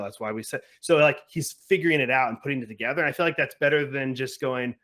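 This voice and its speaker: A man's voice: medium pitch, fast, hardly any pauses, a bit bright. A man chatting casually as a podcast host and parent, rambling with many fillers and quoting himself and his son. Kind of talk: casual chat.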